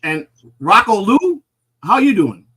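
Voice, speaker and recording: A man's voice: high-pitched, big pitch swings, slow, pushed and bright, husky. A man hosting a live comedy talk show, talking casually with lots of fillers and restarts. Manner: rambling, filler-heavy. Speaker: host.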